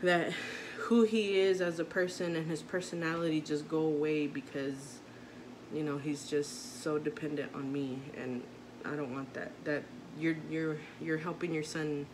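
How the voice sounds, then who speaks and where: A woman in her thirties, a mother vlogging, talking in a rambling, heartfelt way with many restarts. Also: deep voice. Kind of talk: casual chat to camera. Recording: noisy background.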